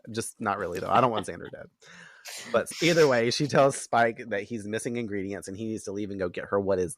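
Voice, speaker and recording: A man hosting a podcast in a casual chat, animated and profane, laughing often and acting out quotes from characters. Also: fairly low pitch, no echo, studio quality. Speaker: podcast host recapping an episode.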